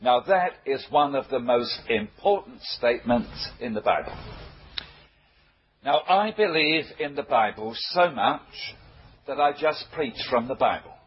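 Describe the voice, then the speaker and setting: A man's voice: medium pitch, lively intonation, breathy edge. An older man, preaching a sermon and telling anecdotes with frequent chuckles. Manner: slow, chuckling storyteller. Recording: muffled old recording with faint hiss.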